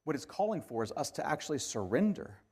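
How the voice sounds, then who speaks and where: Man preaching, hushed to emphatic. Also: fairly high pitch, big pitch swings, fast talker, breathy edge. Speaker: pastor. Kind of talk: sermon.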